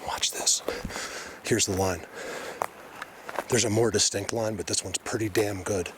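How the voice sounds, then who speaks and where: Deep-voiced man, hushed and excitable outdoors. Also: moderate pace, background noise. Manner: hushed, excitable, often drops to a whisper. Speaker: outdoor explorer vlogger. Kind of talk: casual narration to camera. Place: outdoors in woods.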